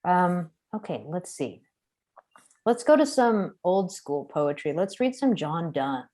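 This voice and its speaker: Lady teaching poetry on a video call, low voice, gushy and encouraging, laughs a lot. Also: sing-song, slow, a little mellow. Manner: encouraging, effusive, laughs often. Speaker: poetry teacher leading class. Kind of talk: warm class discussion on video call.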